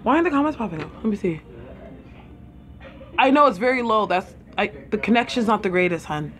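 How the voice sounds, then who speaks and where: A woman's voice: medium pitch, expressive, a little fast, a bit bright, soft background music. A woman with a Caribbean accent hosting a casual live stream, chatting and eating while she answers viewers' comments. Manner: chatty, eats while talking, reads viewers' comments aloud. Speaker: livestream host.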